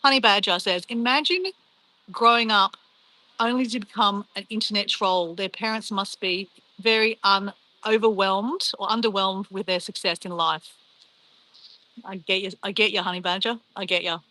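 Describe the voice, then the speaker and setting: A woman's voice: medium pitch, fairly even intonation, moderate pace, sharp tone, poor audio. A middle-aged Australian woman with an Australian accent, hosting a casual livestream, chatty and upbeat as she reads out chat messages and shrugs off insults. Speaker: livestream host reading chat.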